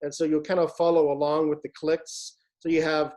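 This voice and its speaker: A man's voice: on the high side, little pitch movement, moderate pace, darkish tone, slight background noise. A man directing a virtual choir rehearsal, patiently explaining Latin diction and demonstrating each sound. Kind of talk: online rehearsal instruction.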